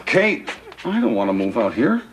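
Patient sitcom husband, dry replies, mid-pitched but lively, audience laughing in the background. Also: male voice, normal speed, heavy background noise. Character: patient, mild-mannered sitcom husband and father. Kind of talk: 1980s sitcom acting.

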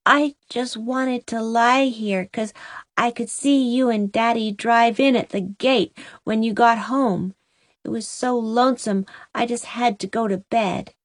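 A woman reading the part of a sweet little boy, half asleep, speaks slowly in a raised, childlike voice. His voice sits close and dry, and this is a storybook reading. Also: a little high, fairly even intonation, no room sound, voice pushed up, close to an everyday voice. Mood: wistful.

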